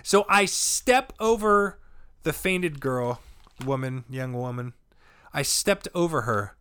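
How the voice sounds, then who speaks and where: A man, a comedian guest, telling a rowdy, profane story with animated delivery and sudden shouts. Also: on the high side, slow, a little hiss or hum. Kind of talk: storytelling chat.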